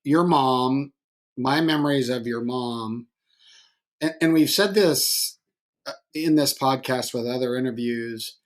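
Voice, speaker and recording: A middle-aged man hosts a podcast interview, his voice sitting at a medium pitch. He rambles and restarts as he tells stories, animated and chatty. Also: takes it slowly. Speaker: podcast host. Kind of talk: conversational interview.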